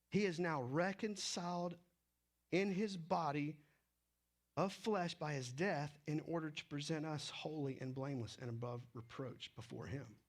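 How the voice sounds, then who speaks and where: A man preaching a sermon, with animated delivery that swings between loud emphasis and hushed, low stretches. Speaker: pastor.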